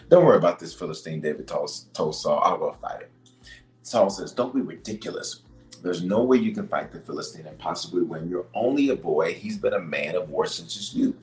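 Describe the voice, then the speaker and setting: In a sermon on leadership, a bishop who hosts a podcast reads scripture and emphatically repeats his points, his delivery swinging from loud bursts to low asides. The audio is rough and has a roomy quality.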